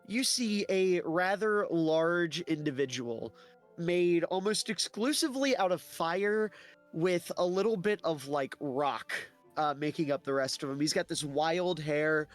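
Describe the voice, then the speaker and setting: A man's voice: a little high, unhurried, soft background music. A man narrating a tabletop game as game master, loose and rambling with many fillers.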